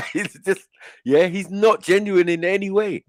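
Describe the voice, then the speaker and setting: A man's voice: sits high, steady tone, a little slow, dry recording. A man hosting a casual live online panel, slangy and joking, laughing often.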